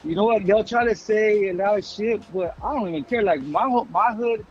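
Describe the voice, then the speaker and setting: A man in his forties telling stories fast in a casual interview, heavy on street slang and swearing. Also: high-pitched, lo-fi sound, faint music behind. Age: 40s. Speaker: guest.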